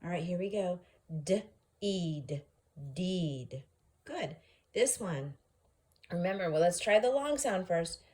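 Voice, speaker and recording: A woman teaching a phonics lesson to young children, sounding out words slowly and encouragingly. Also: on the low side, animated, darkish tone. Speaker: reading teacher.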